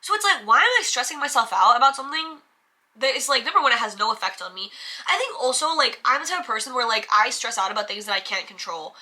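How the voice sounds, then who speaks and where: Bright-voiced chatty young woman vlogger. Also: fairly high pitch, quick pace. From United States. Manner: chatty, filler-heavy, animated self-talk. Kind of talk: casual chat to camera.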